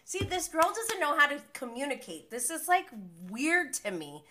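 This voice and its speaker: A woman recapping reality TV in a casual reaction vlog, exasperated and animated, saying "effing" in place of swear words. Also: sits high, moderate pace, slight background noise. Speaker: vlogger.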